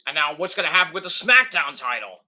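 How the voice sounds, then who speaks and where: Man, wrestling predictions host, very bright tone, rambling, off-the-cuff, profane. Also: fairly high pitch, expressive, fast. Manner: rambling, off-the-cuff, with cursing and mocking nicknames. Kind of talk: casual wrestling predictions chat.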